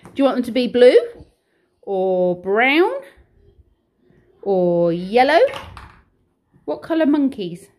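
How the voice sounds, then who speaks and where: A woman's voice: a little high, lively intonation, slow, long pauses, a little mellow. A middle-aged British woman talking in a coaxing, sing-song way to toddlers at home during a casual vlog, chatting about her day in between. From United Kingdom. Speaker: vlogger and childminder. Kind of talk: casual vlog chat with small children. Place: home kitchen and playroom.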